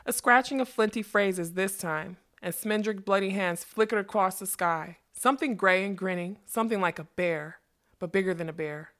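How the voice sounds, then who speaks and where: A woman reads a storybook aloud in a measured, expressive manner. Her voice sits in a middle register, steady and unhurried. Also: mid-range voice. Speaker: narrator. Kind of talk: storybook reading.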